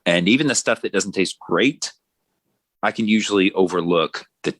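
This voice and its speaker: A man's voice: low-pitched, normal speed, dry recording. A man hosting a podcast, chatting casually and rambling with jokes. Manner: rambling and joking, lively ups and downs. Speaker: podcast host. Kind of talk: casual chat.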